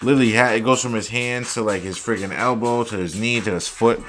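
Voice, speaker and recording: A young man hosting a casual football highlights reaction, exasperated and profane, saying "like" constantly. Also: fairly even intonation, a little fast, fairly bright tone, soft background music. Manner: exasperated, profane, heavy use of "like". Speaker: host.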